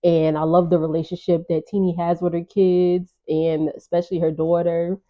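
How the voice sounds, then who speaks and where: A woman's voice: lowish voice, flat delivery, moderate pace, muffled recording. A woman vlogger recapping a reality show in a chatty, gossipy way, with laughing asides. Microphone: on-camera.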